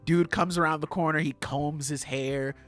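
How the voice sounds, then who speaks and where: A man's voice: a little high, moderate pace, faint music behind. A man co-hosting a podcast, recapping manga chapters in casual chat and acting out the characters in funny voices. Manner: animated, acts out characters in put-on voices, laughs often. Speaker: podcast co-host.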